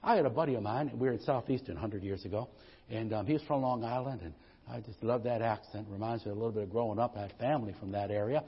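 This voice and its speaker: A man's voice: fairly low pitch, fast talker, breathy edge. A middle-aged man, preaching a folksy, humorous sermon full of "amen"s. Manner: folksy, exclaims amen often, storytelling with humor. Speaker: pastor. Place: church sanctuary. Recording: dull lo-fi church recording with long reverb.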